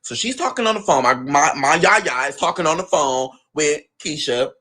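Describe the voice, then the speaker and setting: A young man casually telling a long family story, animated and quick to act out what each relative said. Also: fairly high pitch, husky. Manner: animated, acts out family members' lines in his own voice. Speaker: guest telling his story.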